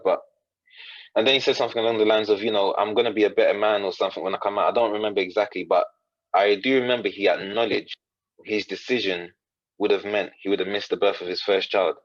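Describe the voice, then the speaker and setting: He's a coach and podcast guest with a fairly low voice, heard on a muffled recording with no echo. In conversation he earnestly tells a story, reciting others' dialogue in quotes and repeatedly beginning sentences anew.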